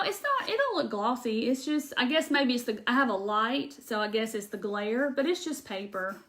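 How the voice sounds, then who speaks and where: Woman, fairly high voice, chatty live-stream crafter, rambling with ums. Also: sharp tone. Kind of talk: casual live-stream chat answering comments.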